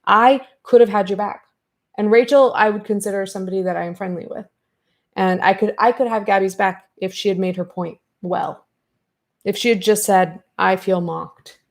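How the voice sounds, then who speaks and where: A woman hosting a commentary podcast, retelling an online feud in an animated, fired-up way and acting out the exchanges. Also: mid-range voice, normal speed. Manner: animated, fired-up retelling with quoted back-and-forth. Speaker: podcast host.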